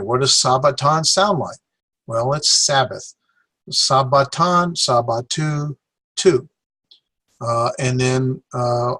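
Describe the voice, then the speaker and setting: A man teaching a Greek class, sounding out syllables with many pauses and fillers. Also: mid-range voice, fairly bright tone, no room sound. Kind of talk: recorded classroom lecture.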